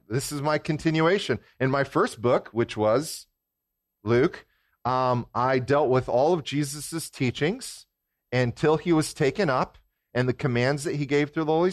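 A man giving a sermon as guest preacher in a church, talking in a relaxed, conversational way and putting questions to the congregation. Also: mid-range voice, dry recording, studio quality.

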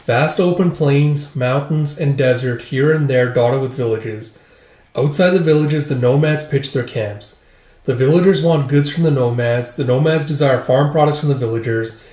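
Man, casual comic recap, rambling with fillers, mellow tone, echoey room. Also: medium pitch. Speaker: manga recap reader. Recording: roomy echo.

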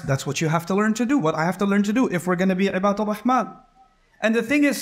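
A middle-aged man giving a conversational sermon in a mosque, often acting out quoted dialogue. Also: sits high. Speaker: preacher giving a Friday sermon.

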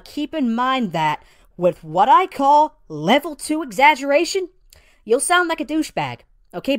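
A woman's voice: sits high, dry recording, studio quality. A woman playing a brash, foul-mouthed female pizzeria boss who lectures trainees in a profane, rambling comedic monologue full of "you know" and calls the listener sweetie or honey.

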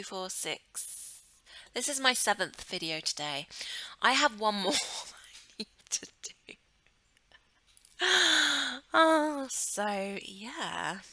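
A woman's voice: medium pitch, bright, forceful tone, dry recording, low-quality recording. A woman giving casual, giggly commentary as she plays a life-sim game, thinking aloud and often dropping to a murmur or whisper. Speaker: let's play host.

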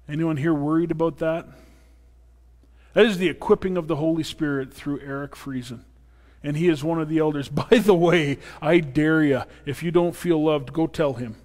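A man's voice: on the high side, steady tone, moderate pace, darkish tone. A man preaching a sermon as pastor, earnest and personal with playful asides. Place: church sanctuary. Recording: long reverb of a church hall.

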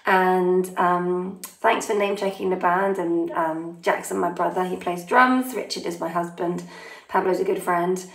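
A woman's voice: on the low side, steady tone, measured pace, vocal fry. A woman in her forties chatting casually as she reads out fan questions and answers them one by one, friendly and a little self-deprecating. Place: holiday home in Italy, family in next room. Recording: roomy echo.

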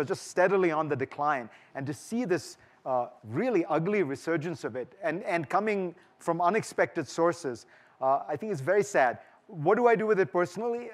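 A middle-aged man speaking to a festival audience, thoughtful and full of restarts and fillers, then taking questions. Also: a little high. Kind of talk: festival talk and Q&A. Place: large lecture hall.

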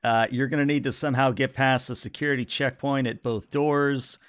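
A man narrating a tabletop role-playing game as game master, relaxed and filling pauses with "uh". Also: medium pitch, clean tone, no room sound. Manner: relaxed narration with many "uh" fillers.

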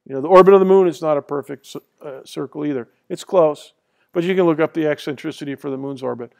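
Male lecturer, high-pitched, loose and chatty with lots of ums. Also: fast talker, creaky, mellow. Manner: rambling and conversational, many fillers and restarts. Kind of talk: classroom lecture. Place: lecture hall.

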